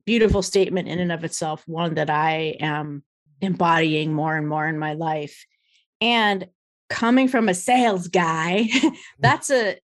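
A woman hosting an interview, engaged and affirming as she asks open questions. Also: fairly low pitch. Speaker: interview host. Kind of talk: conversational interview.

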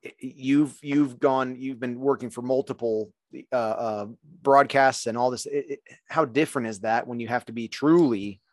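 A man's voice: mid-range voice, steady tone, moderate pace, a little mellow, dry recording, studio quality. A man, a former wide receiver now in broadcasting, explaining the game in detail in casual podcast talk. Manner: thoughtful, explains in detail with many restarts. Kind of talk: casual sports podcast chat.

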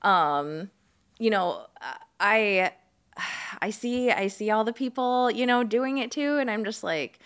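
A woman co-hosting a podcast in casual chat, a playful storyteller who acts out voices with big swings in pitch. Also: slow pace, a bit bright, clean tone. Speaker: podcast co-host.

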